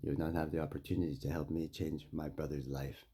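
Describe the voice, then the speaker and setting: A man from Saskatchewan, Canada, speaking directly to a mayor and making demands, with confrontational stories that swing between loud and quiet. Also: extremely low pitch, little pitch movement, fast talker, husky. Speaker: First Nation community member addressing a mayor. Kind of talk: impassioned direct address and storytelling.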